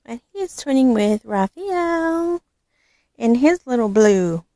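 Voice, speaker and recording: A woman showing off her doll collection in a casual vlog, gushing and affectionate, with frequent soft laughs. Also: fairly high pitch, expressive, takes it slowly, dry recording, clean studio sound. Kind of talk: casual show-and-tell vlog.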